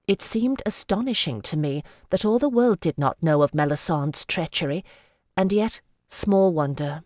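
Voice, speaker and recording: An audiobook narrator reading a fantasy novel in a calm, even storytelling manner on a close microphone. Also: medium pitch, no room sound.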